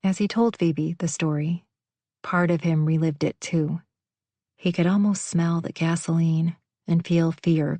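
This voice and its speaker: This is a female audiobook narrator reading a romance novel. Her voice is low and mellow, and her delivery is steady and measured. The sound is close and dry, like a studio booth. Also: dry recording.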